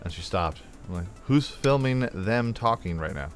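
With faint music behind him, a young man narrates his gameplay video in a fairly low, animated voice at normal speed. As a let's play host, he tells wandering, playful stories into a desk mic while adding bits of sound effects.

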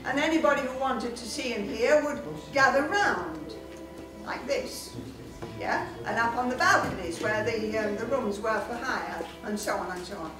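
A woman giving a chatty, joking curtain speech to a theatre audience, and reciting a sonnet slowly. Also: a little high, lively intonation. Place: large theatre hall indoors. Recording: echoey hall from far off with music.

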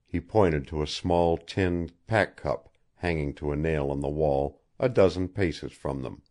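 A man narrating an audiobook in a measured, expressive way. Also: a bass voice. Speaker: audiobook reader.

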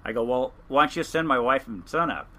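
A man's voice: medium pitch, animated, a little fast, sharp tone. An older man, a former fishing captain, telling stories from his working years in a casual podcast interview, rambling and earnest with frequent restarts.

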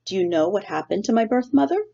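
A woman's voice: mid-range voice, animated, quick pace, vocal fry, dark tone, voice pushed up. A woman reading aloud voices a young male gosling who talks in a childlike, questioning, whiny way. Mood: uneasy. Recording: dull lo-fi recording.

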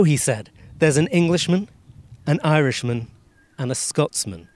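A man telling a long, rambling joke as a scripted comic monologue in a deadpan way. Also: fairly high pitch, unhurried. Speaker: comedian, narrator.

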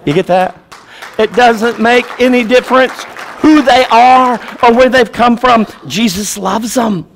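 A man preaching a sermon as pastor, repeating key phrases and swinging between loud urgency and quiet, low emphasis. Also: measured pace, a little hiss or hum.

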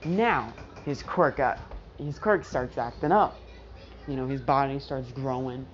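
A woman with a low voice tells a fan story at home, rambling casually and restarting often. The recording is dull and lo-fi, and a faint noise sits underneath. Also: measured pace. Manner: rambling, with many fillers and restarts.

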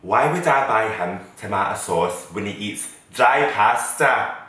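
A man's voice: on the low side, expressive, measured pace, bright, forceful tone. An actor playing a foul-mouthed, combative working-class Scottish mother who swears and hits back at every word. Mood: scornful. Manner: swearing, aggressive, defensive. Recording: echoey room.

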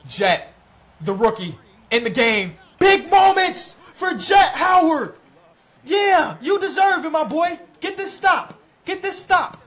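Gaming commentator, young man, fairly high voice with a lively pitch, excitable and self-mocking, yells at clutch plays. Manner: excitable, talks to players on screen, self-mocking, shouts at big plays. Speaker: gaming YouTuber. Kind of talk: basketball video game commentary.

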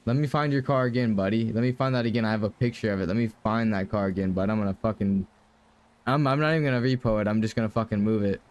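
A man's voice: lowish voice, fairly even intonation, fast talker. A young man streaming a game, talking casually to his chat and ranting with lots of swearing.

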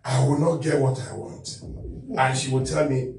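A man speaks as a bishop and guest, teaching about marriage in a loud voice shaped by years at the pulpit. His pitch sits in an ordinary middle range. The recording is roomy and picked up from a distance, with soft music underneath. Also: steady tone, a little slow. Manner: loud, preacherly delivery. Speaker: bishop, guest on a talk show. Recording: echoey room, distant mic, faint music.

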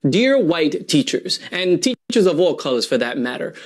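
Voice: mid-range voice, big pitch swings, normal speed, husky. An educator giving a direct, earnest scripted address in a video.

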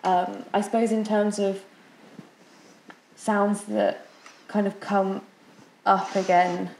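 A woman's voice: mid-range voice, flat delivery, takes it slowly, a little mellow. Young woman, student, tentative answers, many fillers, echoey room, faint hum. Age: young adult. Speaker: student interviewee. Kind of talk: answering interview questions.

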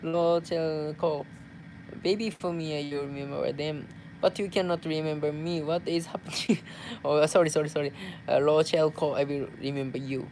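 A Japanese man with a Japanese accent, casually reading fan messages aloud as a vlogger, playful and quick to laugh, mixing Tagalog fillers into his English. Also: on the high side, steady tone, darkish tone, slight background noise.

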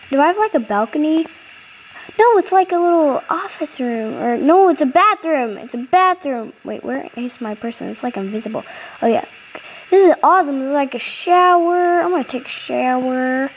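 A woman's voice: high voice, a little mellow, slight background noise, poor audio. A young woman casually commenting on her gameplay, chatty and giggly, easily startled, into a close computer mic. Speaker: gaming channel host.

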